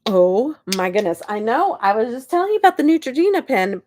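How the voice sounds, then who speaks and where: A middle-aged woman, chatting bubbly and warmly on a beauty livestream from her bed, laughing often and greeting viewers by name. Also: a little high, sing-song, a little fast, no room sound, studio quality. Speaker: beauty YouTuber. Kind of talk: casual live-stream chat. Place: bedroom, in bed.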